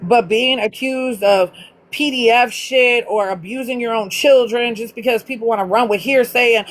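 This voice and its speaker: A woman's voice: on the high side, moderate pace, poor audio. A woman hosting a casual livestream, ranting bluntly with heavy profanity. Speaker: livestream host.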